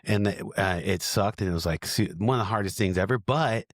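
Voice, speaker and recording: Laid-back middle-aged man, low voice. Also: fairly quick, no echo, studio quality. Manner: supportive, laid-back, says "dude" and "bro" a lot. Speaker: podcast co-host. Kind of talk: casual chat.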